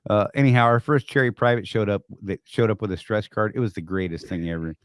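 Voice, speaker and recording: A man's voice: on the low side, fast talker, no room sound, clean studio sound. A man co-hosting a casual live-stream chat, rambling through stories with frequent restarts. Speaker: co-host.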